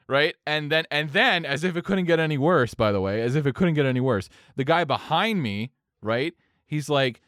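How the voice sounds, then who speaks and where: A young man telling a long story in casual podcast chat, animated and swearing freely. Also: fairly high pitch, brisk, clear, resonant tone, no echo, clean studio sound. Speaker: podcast co-host.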